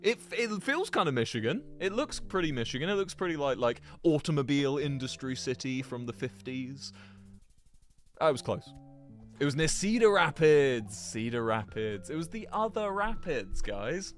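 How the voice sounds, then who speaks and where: Chatty streamer, lively voice. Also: male voice, a little high, normal speed, soft background music. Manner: chatty and rambling, talks to chat, laughs often. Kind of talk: casual livestream commentary while playing a geography game.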